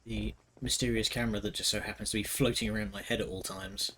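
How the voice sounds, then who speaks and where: A man's voice: on the low side, fairly even intonation, fast, pushed and bright, slight background noise. A man giving casual let's-play commentary, joking and sarcastic, swearing freely. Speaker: gaming video host.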